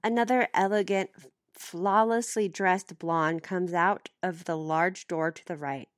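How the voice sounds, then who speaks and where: A woman's voice: lowish voice, steady tone, measured pace, no echo, clean studio sound. A woman reading a first-person novel aloud as an audiobook, giving the dialogue light voicing. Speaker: audiobook reader.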